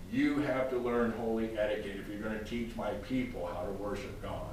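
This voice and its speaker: A man's voice: lowish voice, moderate pace. A man preaching a sermon, speaking emphatically and addressing his congregation directly by name. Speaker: pastor. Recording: very echoey room, distant mic, faint noise.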